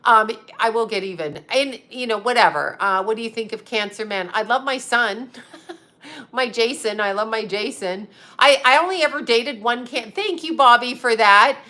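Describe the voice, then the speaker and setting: Speaking at a normal pace in a sharp, highish voice, this psychic and astrologer host in her fifties reads viewer comments on her livestream. Her chat is casual, blunt, and profane, broken up by frequent laughter.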